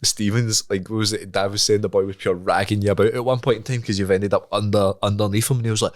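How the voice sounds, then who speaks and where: A young Scottish man co-hosts a podcast, speaking at a quick pace with hardly any pauses in a voice on the low side. During casual chat he tells a story with animated laughter, acting out the voices of the people in it.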